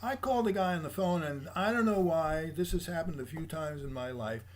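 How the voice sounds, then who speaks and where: Older man telling lively anecdotes. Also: a little high, fairly quick, slight background noise. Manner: animated anecdotes, acts out quoted voices. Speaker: guest, jazz bassist. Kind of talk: casual storytelling interview.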